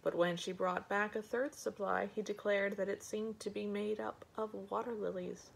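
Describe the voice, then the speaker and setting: A woman reading a bedtime story aloud slowly and gently, giving the characters light voices. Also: mid-range voice, fairly even intonation, creaky, husky, poor audio.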